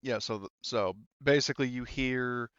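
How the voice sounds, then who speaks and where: A man narrating as game master of a tabletop role-playing game, halting often with ums while he describes scenes and rulings. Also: mid-range voice, a bit bright, clear, resonant tone, dry recording, dull audio.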